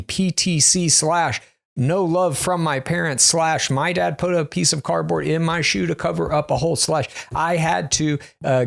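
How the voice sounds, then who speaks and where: A man's voice: fairly high pitch, vocal fry. Man co-hosting a chatty recap. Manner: joking, quotes cast members in silly voices. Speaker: podcast co-host. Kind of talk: casual recap chat.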